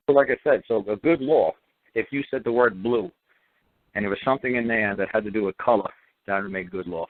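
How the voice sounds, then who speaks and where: A man's voice: on the low side, fairly quick, no room sound. A man hosting a call-in radio talk show, talking bluntly and emphatically, repeating himself and throwing in mocking asides. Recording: phone-line audio, dry.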